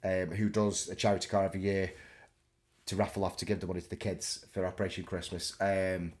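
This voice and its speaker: A man's voice: low-pitched, level tone, a little fast. A man from England, a tattoo artist, chatting casually in a jokey, easygoing way. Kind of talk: casual chat.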